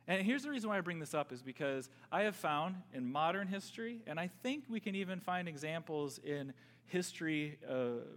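A male pastor preaching a sermon, swinging between loud emphatic bursts and quiet asides, often repeating words as he builds a point. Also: a little high. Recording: long reverb from a large hall.

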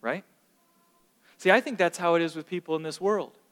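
A man preaching a sermon as pastor, animated, sometimes acting out the voices of complaining children. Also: a little high, normal speed. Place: church sanctuary. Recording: long reverb of a large hall.

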